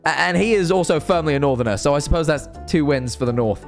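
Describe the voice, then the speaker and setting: A man's voice: a little high, expressive, quick pace, gravelly, soft background music. A young man, rambling cheekily and animatedly to camera in a casual monologue. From northern England. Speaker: streamer and vlogger.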